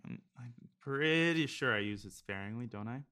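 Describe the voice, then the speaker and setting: While streaming online blitz chess, a man thinks aloud about his moves, casual and joking as he provides live commentary. His medium-pitched voice is animated and bright, with a forceful, clean tone at a normal speed.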